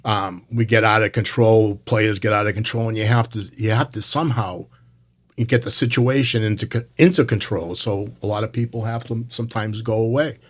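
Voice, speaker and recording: A man's voice: on the low side, fairly even intonation, fairly quick. Earnest man, veteran umpire. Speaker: baseball umpire. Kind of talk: casual storytelling chat.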